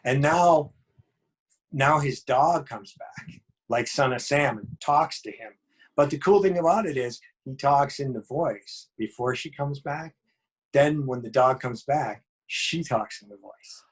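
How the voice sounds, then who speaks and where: Male filmmaker guest, husky, mid pitch, jokey rambling talker. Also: measured pace. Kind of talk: casual podcast chat.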